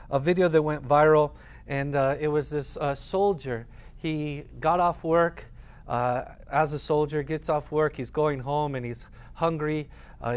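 A man's voice: fairly high pitch, darkish tone. A male pastor giving a sermon, reading scripture and then telling a story in a conversational way with frequent fillers and restarts.

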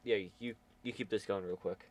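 Teen boy co-host, lowish voice, loose rambling chat. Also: fairly even intonation, fairly quick. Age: teens. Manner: rambling, filler-heavy storytelling. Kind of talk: casual chat.

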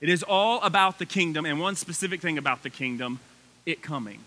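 A man delivering a lively sermon to his congregation. His voice sits high and gets higher as he gets excited, with a very bright, forceful edge. He mixes fired-up preaching with casual, chatty asides. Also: fairly quick. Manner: energetic, voice climbs high when excited. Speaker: pastor.

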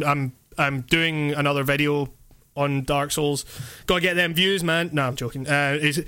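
Bright-voiced man in rambling chat. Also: on the high side, clear, resonant tone. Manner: rambling, lots of fillers and swearing; animated, laughing. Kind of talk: casual chat.

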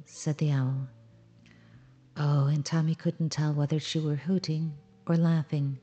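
A woman reading a children's story aloud in a calm, measured storybook style. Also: deep voice.

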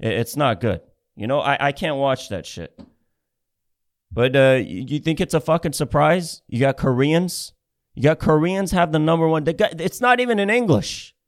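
A man's voice: a little high, moderate pace. A man doing a comedic rant, sarcastic and swearing heavily, repeating himself as he builds up steam. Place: Ontario, Canada.

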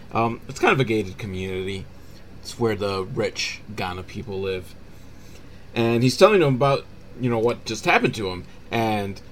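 A man recapping a low-budget movie in a sarcastic, rambling way, acting out the characters' lines. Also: a little hiss or hum. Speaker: movie riffing host.

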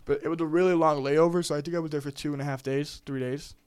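A man's voice: on the high side, steady tone, fast, smooth, dry recording. A young man from the United States, a podcast guest telling a long travel story in casual chat, laid-back, swearing freely and laughing often.

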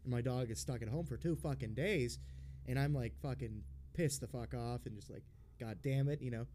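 A man with a mellow, dark-toned voice sits in the middle of the pitch range as he recounts a story to his podcast co-host. He rambles and swears nonstop in a blunt, unpolished way, often circling back with fillers and restarts. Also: fairly quick, a little hiss or hum. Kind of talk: casual storytelling.

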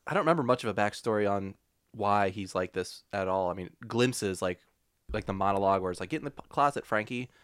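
A man's voice: sits low, a little fast, clear, resonant tone, dry recording. A man co-hosting a podcast, chatting casually with dry jokes. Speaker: podcast co-host.

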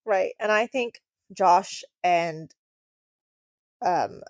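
A woman's voice: on the low side, drawn-out words, dry recording, clean studio sound. A woman co-hosting a casual chat show, talking in a rambling, indignant way with many restarts. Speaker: podcast co-host.

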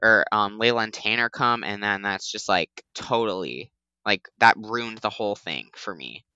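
A man's voice: on the low side, normal speed, pushed and bright, clear, resonant tone, no echo, lo-fi sound. A man hosting a podcast, chatting casually and rambling with lots of "like". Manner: rambling, heavy use of "like". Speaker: podcast host. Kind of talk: casual chat.

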